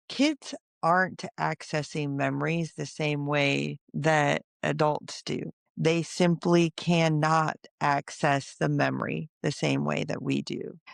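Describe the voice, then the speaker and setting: Gravelly low-voiced woman podcaster. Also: dry recording, studio quality. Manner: animated, acts out quoted voices. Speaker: podcast host. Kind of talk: solo podcast storytelling.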